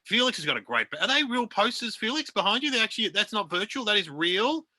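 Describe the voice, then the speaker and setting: An Australian man does a chatty, self-mocking stand-up set over a video call. His voice is very bright and forward, and it sits a touch higher than most men's. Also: big pitch swings. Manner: chatty, self-deprecating, quick asides to the audience. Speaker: stand-up comedian. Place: home room.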